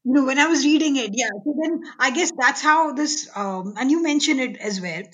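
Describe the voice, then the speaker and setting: A woman interviewer in a conversational interview, speaking softly and attentively and often murmuring agreement. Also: high voice, a little fast. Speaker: interviewer, books editor.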